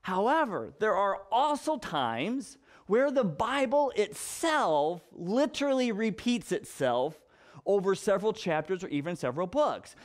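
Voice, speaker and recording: Pastor, male, young dad, high voice, animated anecdotal preaching style. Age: young father. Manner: animated storyteller, repeats himself for effect. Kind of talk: conversational sermon with personal stories.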